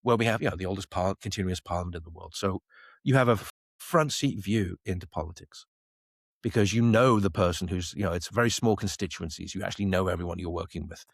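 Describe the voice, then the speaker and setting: Guesting on a podcast, a middle-aged space company CEO from the Isle of Man spins stories with animation, voicing the people he quotes. He talks fast in a low-pitched voice, and the studio-quality recording has no room sound.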